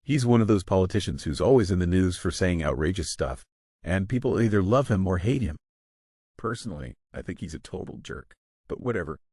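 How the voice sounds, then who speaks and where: A man's voice: low-pitched, expressive, brisk, warm tone, slightly rough, no echo, studio quality. A man narrating a first-person story in a casual, sarcastic manner.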